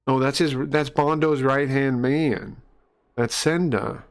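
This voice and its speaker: A male streamer talks through a comic in a loose, rambling way, pausing on fillers as he explains. His voice is mid-pitched and often drops low and quiet. Faint music runs in the background. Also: fairly even intonation, clear, resonant tone. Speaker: streamer reading a comic aloud. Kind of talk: casual live-stream commentary.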